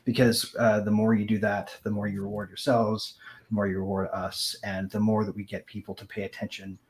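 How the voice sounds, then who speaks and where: Low-pitched guy hosting, loose and punchy, swears a bit. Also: flat delivery, brisk, a little mellow, a little hiss or hum. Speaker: host. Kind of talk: casual podcast hosting.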